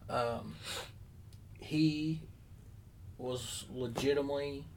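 A man's voice: medium pitch, fairly even intonation, slow pace, gravelly, darkish tone, poor audio. A man chatting casually on a podcast, telling a long story with lots of fillers and asides. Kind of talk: casual chat.

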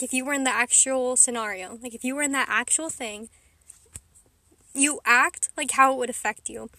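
Sitting in her car, a woman vlogger host talks straight to camera in a high, bright voice. She rambles in a chatty, casual way, giggling and poking fun at herself, and the sound is close and dry with no room echo.

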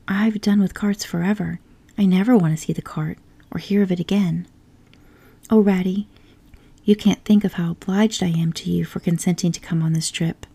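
A woman's voice: lowish voice, vocal fry, mellow, breathy edge. Woman whispering as dreamy, rapturous Toad, whispered role-play. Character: giddy, dreamy, boastful male toad, adult.

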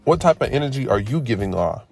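A man hosting a casual podcast monologue, animated and preachy, firing off rhetorical questions in slangy talk and drifting into tangents. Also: mid-range voice, quick pace, gravelly, soft background music. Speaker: podcast host.

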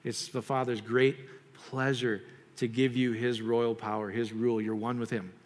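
Preacher, male, mid-pitched voice, animated then prayerful, long hall reverb. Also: moderate pace, a little hiss or hum. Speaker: pastor. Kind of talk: sermon.

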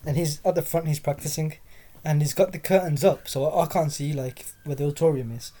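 A young woman spins a long, meandering anecdote in casual podcast chat. Her voice sits low and warm, with a relaxed, unpolished delivery packed with fillers and the odd curse. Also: a little fast. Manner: rambling, heavy fillers, swears freely. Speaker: podcast co-host.

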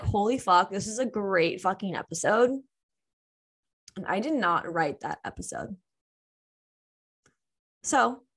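A woman's voice: medium pitch, bright, forceful tone. A young woman hosting her own podcast, talking unscripted, emotional and laughing, swearing freely as she chats. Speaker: podcast host. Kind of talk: unscripted casual podcast talk.

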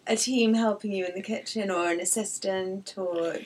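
A woman's voice: medium pitch, steady tone, moderate pace, breathy edge. A woman hosting a podcast interview, asking questions and agreeing sympathetically. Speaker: podcast host. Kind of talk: casual interview chat.

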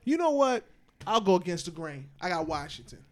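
Higher-voiced man trash-talking football. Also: big pitch swings, a little fast, a bit bright. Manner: teasing, trash-talking banter. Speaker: podcast co-host. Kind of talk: casual sports chat.

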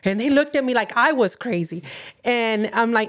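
A woman's voice: on the high side, expressive, normal speed, a bit bright. A woman with a Californian accent, a podcast co-host telling a personal faith story in an earnest, storytelling way, acting out the dialogue. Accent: Californian English. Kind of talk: personal testimony in casual chat.

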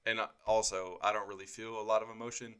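A man co-hosting a chatty podcast, speaking in a fairly low but bright, forward voice. He talks bluntly and directly, with lively, joking energy. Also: clean tone. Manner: blunt, animated, quick to joke. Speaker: podcast co-host, pastor. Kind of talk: casual chat.

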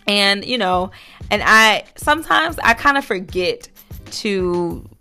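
A woman hosts her own podcast in a relaxed, heartfelt monologue, full of "you know" and "um". Her voice has a gravelly fry to it, and soft music plays faintly underneath. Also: medium pitch, takes it slowly. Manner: earnest, motivational, many fillers. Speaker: podcast host. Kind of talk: casual encouraging monologue.

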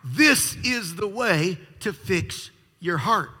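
A man's voice: sits high, animated, takes it slowly, sharp tone, slightly rough, voice pushed up, exaggerated voice. A preacher voicing a blunt male doctor who talks firmly and matter-of-factly. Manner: firm, matter-of-fact. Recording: long reverb of a large hall.

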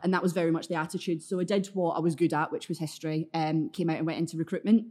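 Glaswegian woman, thirties, lower voice, chatty and self-deprecating interview guest. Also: steady tone, rapid-fire, a little mellow. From Scotland, Glasgow area. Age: 30s. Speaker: podcast guest. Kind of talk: casual interview chat.

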